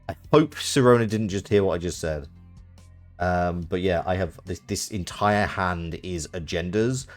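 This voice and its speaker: On a live stream, a man with a low voice chats casually while playing a card game, mocking himself and trailing off with fillers.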